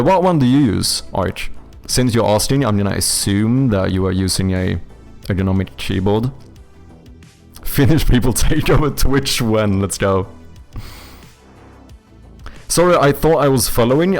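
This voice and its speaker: A man's voice: on the low side, expressive, moderate pace, vocal fry, soft background music. A young man with a Swedish accent, a game developer chatting casually with viewers on a livestream, rambling and swearing freely. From Sweden. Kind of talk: casual livestream chat reading viewer comments.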